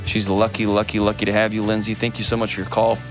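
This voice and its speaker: A man's voice: fairly low pitch, completely flat delivery, quick pace, music in the background. A middle-aged man hosting a call-in advice show, speaking earnestly and emphatically, often repeating words for weight.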